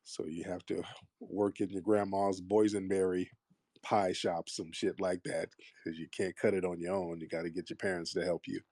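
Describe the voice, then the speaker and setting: A man's voice: sits low, little pitch movement, normal speed, darkish tone, no room sound, studio quality. A man hosting a call-in talk show, blunt and combative, mocking his callers. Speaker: host.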